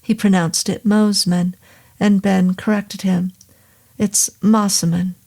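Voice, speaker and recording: A woman hosting and reading a horror story aloud in a slow, measured narration. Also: medium pitch, flat delivery, gravelly, mellow. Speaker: audiobook narrator and host.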